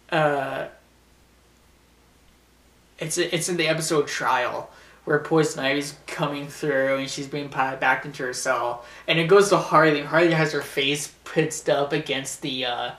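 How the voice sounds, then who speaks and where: Slow rambling man, echoey room. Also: on the high side, fairly bright tone. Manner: rambling, full of fillers and giggles. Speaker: host of a top-ten video show. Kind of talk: casual top-ten commentary. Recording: roomy, distant from mic.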